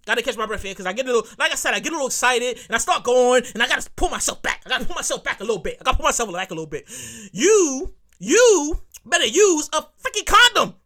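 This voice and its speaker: A woman hosts her own show, ranting in a loud, profane, comedic way. Her voice sits high and bright and swoops widely in pitch. She repeats her lines for emphasis and talks to her listeners directly. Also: sing-song, very fast. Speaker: podcast host. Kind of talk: solo comedic rant.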